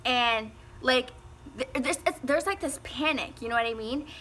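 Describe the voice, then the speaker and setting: A woman's voice: high-pitched, moderate pace, fairly bright tone, a little hiss or hum. A teenage girl telling a casual storytime, rambling with lots of fillers and frequent laughs. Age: teens. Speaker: vlogger.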